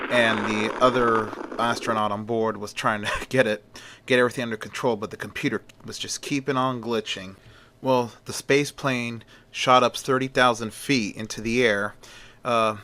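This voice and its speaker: A man's voice: medium pitch, sharp tone, no room sound. A man casually narrating a fan story in a rambling way, with fillers and restarts.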